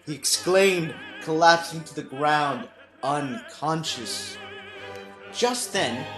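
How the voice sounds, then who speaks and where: A man, a teacher, reading a storybook aloud with slow, dramatic expression. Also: fairly high pitch, a bit bright. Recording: roomy room, faint background music.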